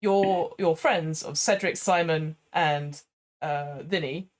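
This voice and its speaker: A woman's voice: deep voice, takes it slowly. A woman running an improvised tabletop game as game master, chatty and often laughing, on a remote call. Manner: chatty, laughing, hesitant restarts. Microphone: remote call microphone.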